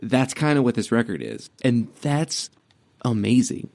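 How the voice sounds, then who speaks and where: A man's voice: mid-range voice, sing-song, measured pace, gravelly, a little mellow. A man co-hosting a podcast, talking about music with loose, enthusiastic phrasing and many fillers. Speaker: podcast co-host. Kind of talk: casual music chat.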